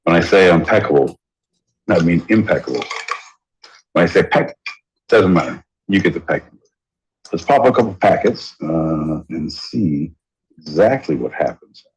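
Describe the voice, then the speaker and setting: A man's voice: low voice, animated, unhurried, long pauses, low-quality recording. A man co-hosting a podcast, hyping up his co-host like a showman in casual banter.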